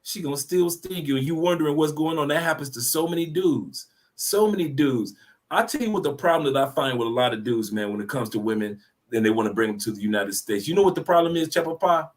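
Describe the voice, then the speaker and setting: A man co-hosting a casual discussion, animated and preachy, with slangy talk and repeated words. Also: a little high, fast talker.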